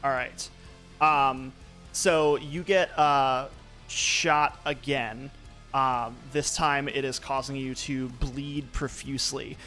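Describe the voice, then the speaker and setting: A man's voice: mid-range voice, steady tone, takes it slowly, bright, forceful tone, soft background music. A young man narrating as game master, loose and full of fillers.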